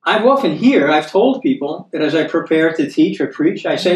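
American man, Bible teacher, somewhat high voice, chatty with tag questions, slows down for scripture. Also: animated. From United States. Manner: chatty, checks in with tag questions like "okay?" and "right?". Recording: echoey room, voice from a distance.

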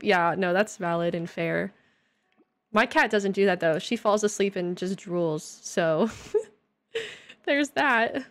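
A woman's voice: medium pitch, takes it slowly. A young woman live-streaming at home, joking and self-deprecating as she plays and reads her chat aloud. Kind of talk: casual live-stream chat while playing.

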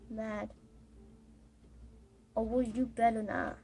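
Slow, higher-voiced woman narrating gameplay, exasperated. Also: fairly even intonation, darkish tone, husky. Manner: halting, exasperated, many fillers. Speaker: gamer recording gameplay. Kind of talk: casual gameplay commentary.

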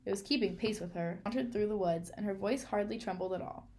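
A woman reading a children's novel aloud in a clear, measured storytelling manner. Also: medium pitch, darkish tone, slight background noise. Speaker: reader.

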